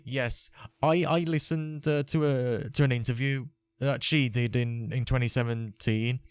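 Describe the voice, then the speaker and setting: A man's voice: medium pitch, steady tone, a little slow, smooth, dry recording, clean studio sound. A man hosting a casual gaming podcast, chatting and rambling with restarts. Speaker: podcast host. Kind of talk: casual chat.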